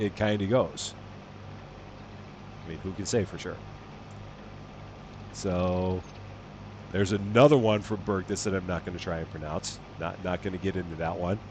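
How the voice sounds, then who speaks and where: A man's voice: lowish voice, moderate pace, pauses often, darkish tone, a little hiss or hum. A man with a chatty, amused manner, chatting casually with his live-stream audience and laughing often. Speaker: game streamer reading chat.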